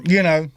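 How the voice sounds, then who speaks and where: A man's voice: on the high side, bright, forceful tone, no echo. A man with a London accent hosting a comedy podcast, chatting animatedly and mimicking voices for laughs. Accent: London English. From England. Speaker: podcast host. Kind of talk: casual comedic chat.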